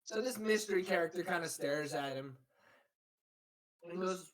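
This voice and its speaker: A woman's voice: on the low side, normal speed. A woman narrating a tabletop game as game master.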